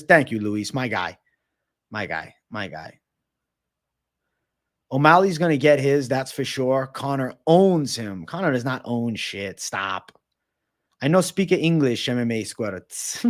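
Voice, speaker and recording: Brief male streamer, relaxed profane chat reading, answers trail off quietly. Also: medium pitch. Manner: reads chat aloud and answers in a loose, profane, joking way. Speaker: livestream host answering viewer questions. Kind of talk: casual livestream Q&A.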